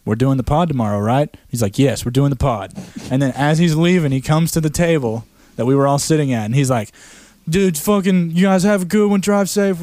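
A young man co-hosting a podcast, telling animated stories full of swearing and acted-out quotes. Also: mid-range voice, no echo. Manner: animated storyteller, acts out quotes, heavy swearing. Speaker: podcast co-host. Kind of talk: casual chat.

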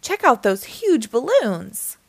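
A woman voicing an eager, excited little boy who keeps exclaiming. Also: a little high, takes it slowly, vocal fry, exaggerated voice.

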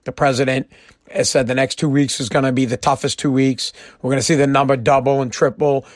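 A man's voice: mid-range voice, little pitch movement, fairly quick, dry recording, clean studio sound. A man from Massachusetts hosting a live-streamed show, ranting in a blunt, joking way and swearing freely. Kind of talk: casual rant.

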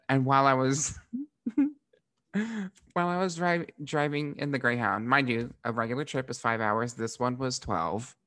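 Animated, profane young man telling stories. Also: medium pitch, a little fast, dry recording, clean studio sound. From Florida. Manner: animated, profane, laughs often. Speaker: podcast host, drag performer. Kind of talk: casual storytelling.

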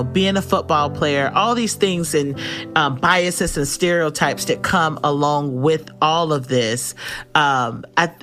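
A woman hosting a podcast, asking questions slowly and gently with soft affirming murmurs. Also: deep voice. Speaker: podcast host. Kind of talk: interview.

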